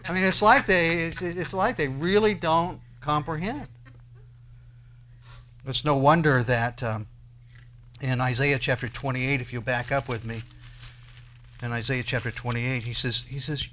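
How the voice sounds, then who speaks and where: A man preaching a sermon, who swings between loud declarations and quiet asides and asks his listeners many rhetorical questions. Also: medium pitch, measured pace, pauses often, slight background noise. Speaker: pastor.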